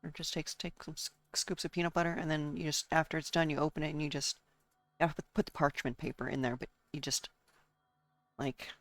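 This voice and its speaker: A woman's voice: low voice, little pitch movement, brisk, no echo. A woman streaming a game and chatting casually, rambling from one thought to the next and talking to her chat and herself.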